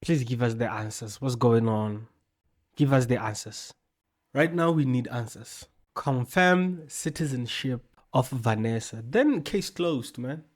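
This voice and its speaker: A man's voice: medium pitch, lively intonation, a little slow. A man from South Africa hosting an opinionated commentary show, talking emphatically with slangy repetition.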